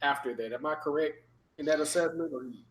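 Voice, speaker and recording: A man's voice: a little high, brisk, slightly rough. A man hosting a livestream, asking questions and brashly trash-talking with profanity. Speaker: livestream host. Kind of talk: casual interview and chat.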